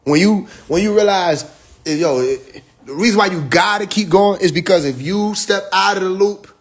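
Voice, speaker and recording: A man's voice: sits high, normal speed. A man, talking loose and emphatic in a livestream monologue, full of profane slang, racing ahead in bursts and then drawing words out. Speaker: livestream host.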